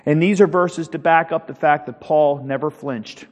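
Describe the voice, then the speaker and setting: High-voiced man teaching Bible class. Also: normal speed, long reverb tail. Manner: earnest, rambling, asks the class questions. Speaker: Sunday school teacher.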